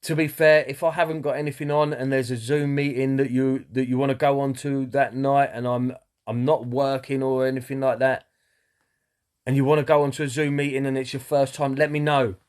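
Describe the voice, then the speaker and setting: A man's voice: medium pitch, level tone, a little fast, darkish tone. Candid man with a middle voice. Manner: candid, earnest, swears, many fillers. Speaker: person in recovery sharing his story. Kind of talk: personal talk to camera.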